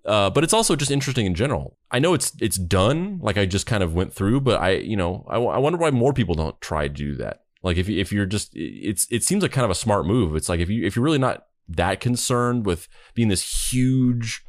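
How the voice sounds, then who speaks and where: Deep-voiced rambling podcast host. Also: male voice, sing-song, brisk, hardly any pauses, dry recording. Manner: rambling, many restarts and fillers. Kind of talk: casual chat.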